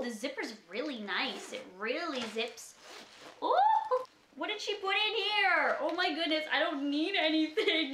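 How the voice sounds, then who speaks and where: A young woman with a high, bright voice gushes over each gift, unhurried and excitable. She is from Canada and is recording an unboxing vlog. The sound is a bit echoey, as if she is in a bare room. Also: slight background noise. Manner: gushing, excitable, frequent gasps. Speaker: YouTuber opening a gift.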